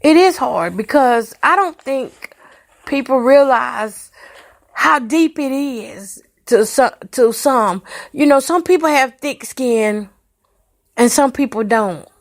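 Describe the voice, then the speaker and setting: A woman's voice: high-pitched, expressive, slow. A woman hosting a podcast, telling a personal story candidly and emotionally and speaking to her listeners directly. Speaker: podcast host.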